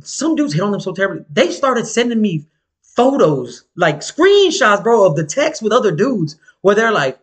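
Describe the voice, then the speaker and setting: With a high-pitched voice at normal speed, a podcast co-host spins a story in a casual chat. The man is animated and uses slang and profanity, acting out quoted voices along the way.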